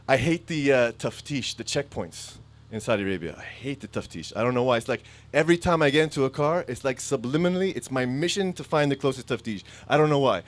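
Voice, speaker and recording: Male stand-up comic, mid-pitched voice, rambling self-deprecating stories broken up by quick put-on voices. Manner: rambling, self-mocking storytelling with jumpy voiced impressions. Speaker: stand-up comedian. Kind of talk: stand-up comedy set. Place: stage before a live audience.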